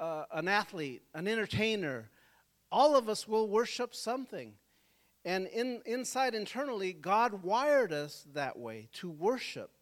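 A male pastor preaching a sermon in a church service, telling stories and calling on the congregation to answer, swinging from soft talk to loud shouts. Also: high-pitched. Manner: calls for congregation responses.

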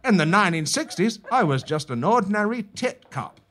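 A man reading a blustering male president in a comedy sketch, in his own lively voice. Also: high voice, fairly quick, pitched above the performer's own voice. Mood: boastful. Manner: read from a script, mock-boastful.

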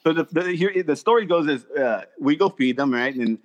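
A man's voice: a little high, brisk. A man who served in the army and works as a golf pro, telling a story in a casual chat and acting out what people said. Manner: animated storyteller, acts out quotes loudly.

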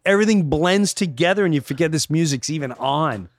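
A middle-aged man, a podcast guest, telling animated stories with lots of swearing and acted-out voices. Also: a little high, fairly quick. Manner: acts out quoted voices, swearing, laughing. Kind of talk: animated storytelling.

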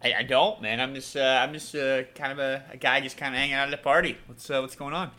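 A man's voice: medium pitch, steady tone, fast, pushed and bright. A man playing a tabletop game in a laid-back, hesitant, joking manner. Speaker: player. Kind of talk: casual tabletop role-play.

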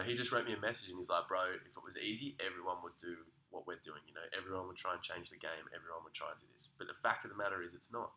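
A man, co-hosting a podcast with energetic, motivational banter that is full of swearing. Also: low voice, poor audio. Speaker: podcast co-host. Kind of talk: casual chat.

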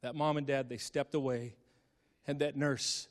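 A middle-aged man telling an emotional story from the pulpit, moving between hushed and impassioned delivery. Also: mid-range voice, little pitch movement, a little slow, in a large hall. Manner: dramatic, swings from hushed to impassioned. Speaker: speaker.

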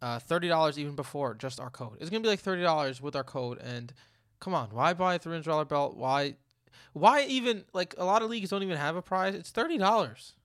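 Guy hosting a podcast, a bit high voice, jokey and playful, dry close mic. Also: lively intonation, a bit bright, dry recording. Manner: playful, jokey, quick asides. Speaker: podcast host. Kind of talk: casual podcast chat with ad reads.

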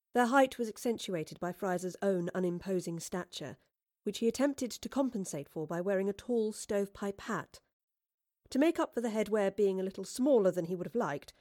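Expressive woman reading an audiobook. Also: medium pitch, no room sound, clean studio sound. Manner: expressive, animated character reading. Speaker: audiobook narrator. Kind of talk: scripted narration.

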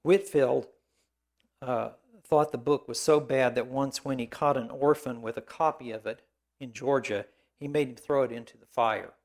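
A man delivers a biographical sermon in a gravelly, creaky voice at an ordinary pitch. He pauses often on fillers and restarts, and drops in dry asides along the way. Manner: halting, many fillers and restarts.

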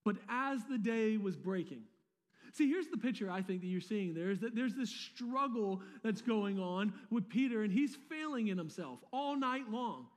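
A man's voice: high voice, animated, normal speed. A pastor preaching a sermon in a casual, conversational way, with slangy asides and words he often repeats. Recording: long reverb of a large hall.

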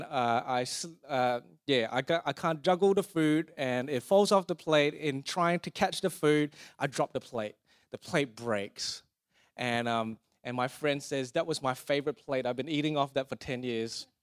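Man, high-pitched; pastor preaching a casual, humorous sermon with call-and-response. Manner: conversational, jokey, asks the congregation to repeat lines.

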